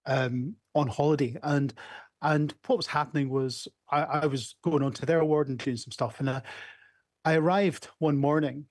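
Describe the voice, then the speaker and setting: A Scottish emergency doctor in his fifties gives a storytelling keynote at a conference over a video call, sharing candid anecdotes with small restarts. His voice is slightly high and steady at normal speed, recorded in studio quality with no echo.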